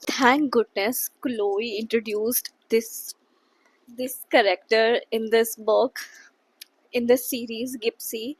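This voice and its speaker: A young woman chatting about a book in a casual reading vlog from a quiet room at home, emotional and gushing. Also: a little high, fairly even intonation, takes it slowly, breathy edge, no room sound. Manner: emotional, gushing, reads quotes aloud with feeling. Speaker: book vlogger.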